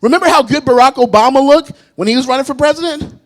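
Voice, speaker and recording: A man with a notably high voice performing stand-up comedy on a club stage. He is self-mocking and animated, and often laughs at his own jokes while speaking into a handheld mic. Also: fast talker.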